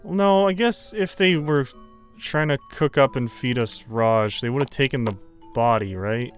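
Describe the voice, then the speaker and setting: A man playing a horror game and making wry, low-key asides to viewers. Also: measured pace, soft background music. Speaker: let's play host. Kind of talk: casual let's play commentary.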